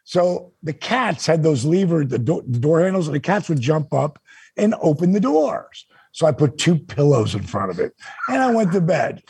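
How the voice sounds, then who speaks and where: A man with a deeply raspy, gravelly voice spins a lively story, jumping up in pitch when he quotes people. He sits fairly high for a man and sounds close and dry on the mic. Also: normal speed, no room sound. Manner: animated, acts out quotes with big pitch jumps. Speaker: guest storyteller. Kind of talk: casual storytelling chat.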